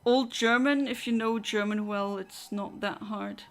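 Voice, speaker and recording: A woman's voice: mid-range voice, fairly even intonation, measured pace. A woman chatting casually with her viewers during a game livestream, rambling and answering chat. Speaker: streamer.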